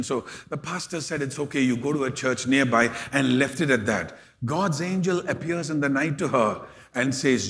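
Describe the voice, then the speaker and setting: A man with an Indian English accent, a pastor telling a story in a sermon, emotional and acting out the voices of the people in it. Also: on the high side. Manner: emotional, acts out quoted voices, rises to loud exhortation. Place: large church hall.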